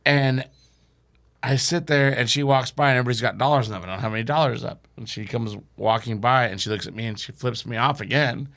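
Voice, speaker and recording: Young guy with a gravelly voice, telling a bar story loud and animated, lots of swearing. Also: medium pitch, a little fast. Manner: animated, acts out quotes, swears freely. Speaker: comedy podcast guest. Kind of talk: casual storytelling.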